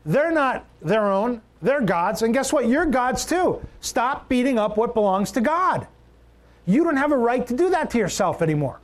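High-voiced emphatic male preacher. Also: sing-song, normal speed. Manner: emphatic, repeats key phrases, shifts pitch for stress. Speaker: pastor. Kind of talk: sermon.

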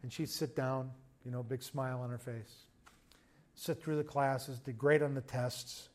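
A man, a pastor telling a story in a conversational sermon, moving between loud emphasis and quiet asides. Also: medium pitch, little pitch movement, measured pace. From United States.

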